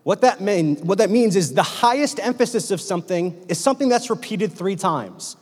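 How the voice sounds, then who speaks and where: A man's voice: high-pitched, expressive, normal speed, a little mellow. A young man preaching a sermon in a church hall, casual and joking, with slang.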